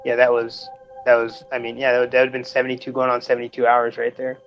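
A man's voice: medium pitch, monotone. A man in his thirties, a Navy veteran, telling his story casually in an interview with many fillers and chuckles. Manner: halting, chuckling, lots of fillers. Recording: slightly dull sound with faint music.

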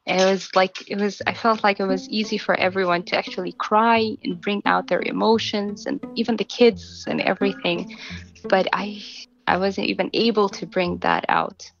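A woman telling her own story in an interview, soft and halting, often restarting her sentences. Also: mid-range voice, fairly even intonation, creaky, highs cut off, faint music behind. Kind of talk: personal account in a documentary interview.

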